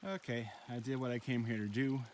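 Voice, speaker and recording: A man's voice: medium pitch, fairly even intonation, brisk, a little hiss or hum. A man vlogging on his own while he backpacks a wilderness trail. He talks into a handheld phone in a chatty, rambling way and often ends with "right?". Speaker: solo backpacker filming his trip. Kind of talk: casual vlog narration while hiking. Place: outdoors on a backcountry trail.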